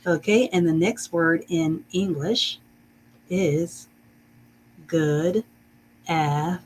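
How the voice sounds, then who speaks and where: A woman leads a live online reading lesson, encouraging her viewers and stretching each word out to sound it clearly. She speaks slowly in a somewhat low voice, with a faint background hum on the stream. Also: poor audio. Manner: slow, warm and encouraging, greets chat viewers; drawn-out careful pronunciation of words.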